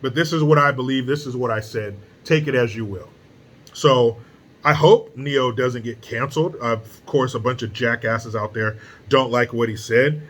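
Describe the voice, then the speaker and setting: Blunt, profane male commentator with a forceful voice. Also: medium pitch, moderate pace. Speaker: political commentary host. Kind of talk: casual opinion commentary.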